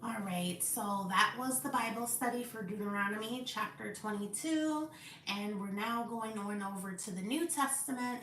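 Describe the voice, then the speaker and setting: Slow, careful woman reading scripture, roomy echo. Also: medium pitch, fairly bright tone, a little hiss or hum. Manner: careful, deliberate reading with occasional stumbles and apologies. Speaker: Bible study host. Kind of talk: reading scripture aloud and quiz review.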